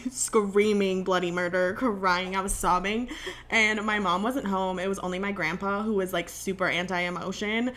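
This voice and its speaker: A woman's voice: mid-range voice, fairly even intonation, moderate pace, fairly bright tone. A woman co-hosting a podcast in casual chat, talking in long rants full of "like". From Illinois. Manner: chatty, ranting, peppered with "like". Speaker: podcast co-host.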